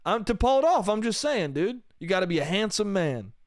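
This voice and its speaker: Smooth-voiced guy ranting, swearing constantly. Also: sits high, very animated, brisk, no room sound, clean studio sound. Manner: profane, rambling, self-mocking, says dude and bro. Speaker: podcast host. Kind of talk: solo comedic podcast rant.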